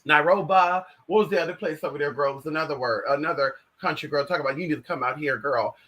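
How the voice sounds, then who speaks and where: An American woman vlogging in casual chat, brash and profane, swinging between loud outbursts and low asides. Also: fast talker. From United States. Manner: brash, profane, addresses viewers as girl and bitch.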